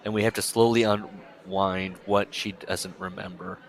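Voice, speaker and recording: A man co-hosting a casual book podcast, retelling scenes in an animated way and laughing often. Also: deep voice, measured pace, creaky. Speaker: podcast co-host.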